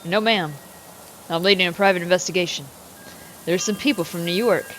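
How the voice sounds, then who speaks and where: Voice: medium pitch, fairly quick, fairly bright tone, soft background music, natural voice. A streamer voicing a polite, formal male private investigator from the city. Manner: formal and courteous. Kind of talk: voicing a game character while co-streaming.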